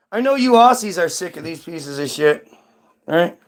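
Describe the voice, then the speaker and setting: A man's voice: fairly high pitch, expressive, normal speed. A man hosting his own channel in a heated, profane commentary rant, firing off rhetorical questions. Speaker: commentary host. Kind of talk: ranting commentary.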